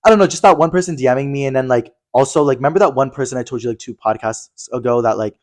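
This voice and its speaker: A man's voice: medium pitch, quick pace. A young man co-hosting a podcast in casual chat, gushing and slang-heavy, filling his talk with "like" and "literally". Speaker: podcast co-host.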